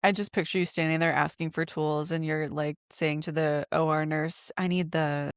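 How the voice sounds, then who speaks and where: Brief: female podcast co-host, lowish voice, witty teasing banter, dry studio recording. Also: little pitch movement, no room sound. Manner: quick-witted, teasing. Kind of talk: casual chat.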